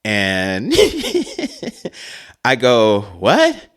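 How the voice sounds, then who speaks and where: A man in his forties hosts a podcast and tells a long story in a relaxed, rambling way. His voice sits on the low side. He laughs to himself and breaks off for asides. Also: a little slow. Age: 40s. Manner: rambling, chuckling, frequent asides. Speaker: podcast host. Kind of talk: casual storytelling.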